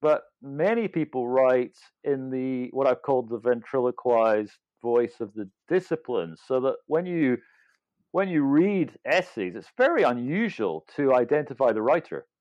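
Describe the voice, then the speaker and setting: A man's voice: mid-range voice, expressive, normal speed, darkish tone, dry recording. Hesitant older man, dull dry recording. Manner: hesitant, thoughtful, many restarts. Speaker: author and legal scholar guest. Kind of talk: reflective interview conversation.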